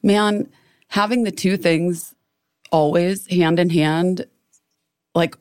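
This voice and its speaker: Slow, expressive woman, dry close sound. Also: lowish voice, smooth, dry recording. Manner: rambling and emotional, searching for words. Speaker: podcast co-host. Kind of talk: casual podcast chat.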